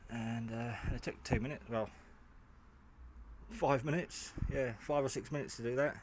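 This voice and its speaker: Casting: weary hobbyist man, mid-pitched, chatty and meandering, home workshop camera mic with faint hiss and clicks. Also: steady tone, moderate pace. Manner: rambling, chatty, many fillers and restarts. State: tired, half asleep. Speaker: hobbyist maker. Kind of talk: casual build vlog. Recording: faint background noise and clicks.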